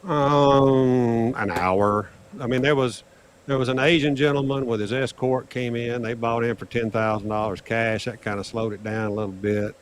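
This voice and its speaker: An older man with a drawl tells a casino story. He is lively and animated, and his voice jumps up when he acts out the exchanges. This is a loose, casual chat between friends. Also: moderate pace, slight background noise. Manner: animated, acts out dialogue with raised pitch. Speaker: guest storyteller on craps livestream.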